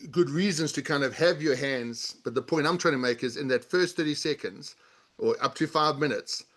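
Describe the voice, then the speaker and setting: A middle-aged man speaking as an interview guest at an ordinary pitch. He teaches in a steady, instructive way, walking through everyday examples and demonstrations. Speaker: guest, body language author and leadership coach. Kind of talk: explanatory interview talk.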